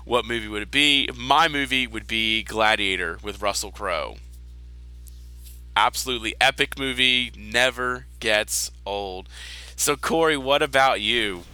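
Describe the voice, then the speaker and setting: Bright-voiced chatty podcast host, a man. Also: medium pitch, smooth, dry recording. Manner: chatty, quick asides, laughs at own jokes. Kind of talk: casual chat.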